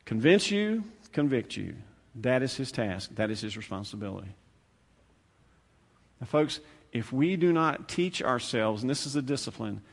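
A man preaches a sermon at a middle pitch, his voice carrying a long reverb from a church hall. He talks to the congregation in a plain, conversational way, repeats words, and swings between loud, quick bursts and quiet, drawn-out lines.

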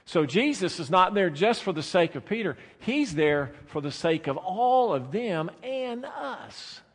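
A man preaching a sermon as pastor, swinging between soft, drawn-out phrases and loud, emphatic bursts. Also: sits high, big pitch swings. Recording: long reverb of a large hall.

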